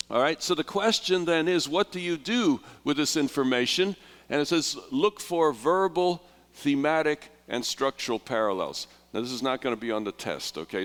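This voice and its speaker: A man's voice: medium pitch, fairly bright tone. An older man teaching a Bible class in a conversational way, often asking his listeners questions. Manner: conversational, asks the audience questions. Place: lecture hall with an audience. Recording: hall reverb.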